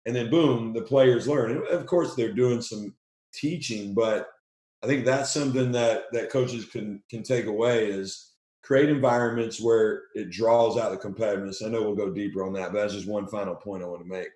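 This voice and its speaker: A man, a basketball coach, talking with excitement as a podcast guest, often repeating himself as he speaks. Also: fairly low pitch, roomy sound. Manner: energetic, talks fast and excitedly, repeats words. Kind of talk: podcast conversation.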